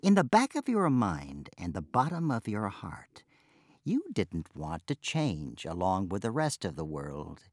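A man's voice: low voice, huge pitch swings, a little mellow, no echo, full character voice. Storybook dwarf, curt and lecturing, as a man reads it; dry sound. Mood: scolding. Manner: snapping, lecturing, measured. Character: curt, snappish red-headed dwarf, scolding mortals.

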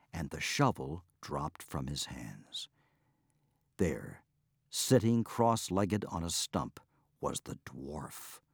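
A man reading a storybook aloud in an expressive, unhurried way. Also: low-pitched, husky, no room sound, clean studio sound. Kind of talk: storybook narration.

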